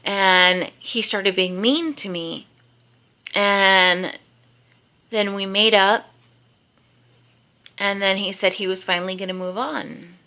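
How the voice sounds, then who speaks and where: Bright-voiced woman vlogging casually. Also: mid-range voice, steady tone, takes it slowly, long pauses. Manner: rambling storytelling with many fillers. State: just woke up. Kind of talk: casual personal vlog. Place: at home. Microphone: handheld camera.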